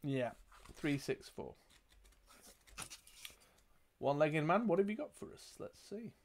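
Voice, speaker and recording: Game master: man reading a fantasy gamebook aloud with wry asides, voice a touch high. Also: sing-song, a little slow, slight background noise. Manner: dry joking asides between reading. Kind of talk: reading and narrating a gamebook playthrough.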